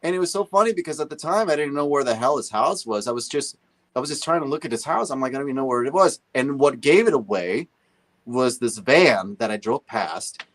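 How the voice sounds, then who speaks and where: Brief: male musician guest, lively storyteller who slips into quoted voices, mid-range voice. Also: medium pitch, a little fast. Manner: animated, acts out the voices of others. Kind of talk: casual storytelling.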